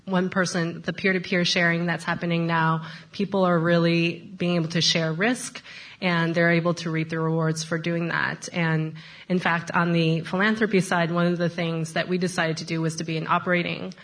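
Low-voiced woman on a panel. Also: flat delivery, moderate pace, fairly bright tone. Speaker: panelist from philanthropy. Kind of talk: panel discussion answer.

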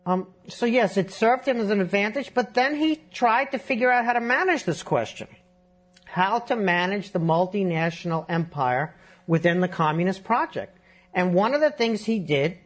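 A man's voice: high voice, husky. Fluent male historian explaining at length. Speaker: historian guest. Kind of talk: long-form interview.

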